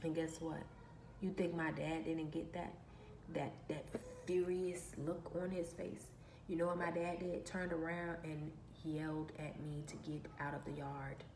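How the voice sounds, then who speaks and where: A woman's voice: deep voice, level tone, a little slow, a little mellow. A woman vlogger telling a personal story in an emphatic, aggrieved way, repeating her phrases, in an echoey room. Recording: echoey room with faint background noise.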